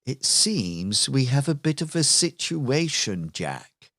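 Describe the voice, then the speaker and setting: A man's voice: mid-range voice, very animated, fairly bright tone, dry recording, studio quality, voice pushed up, full character voice. A man putting on a smug villainess. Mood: taunting. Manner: taunting, drawn-out sly delivery. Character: smug scheming villainous woman, mocking and condescending. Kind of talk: tabletop game character voice.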